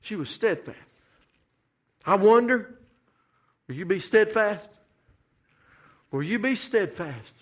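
A man's voice: high-pitched, lively intonation, slow, pauses often, highs cut off. A middle-aged man preaching a sermon, building to fervent, repeated climaxes. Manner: rising to fervent shouted climaxes, repetitive preaching cadence. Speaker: pastor.

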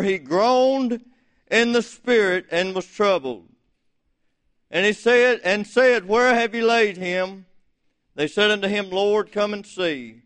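A middle-aged man preaching a folksy, fervent sermon in a church, rising to shouts. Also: very high-pitched, smooth. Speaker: visiting preacher.

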